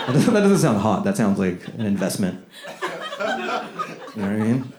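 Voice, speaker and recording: A man's voice: lowish voice, normal speed, creaky, long pauses. Riffing male stand-up comic. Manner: loose, riffing, lively, swears freely. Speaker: stand-up comedian. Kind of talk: stand-up comedy set. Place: small comedy room with live audience. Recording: echoey room, audience laughter.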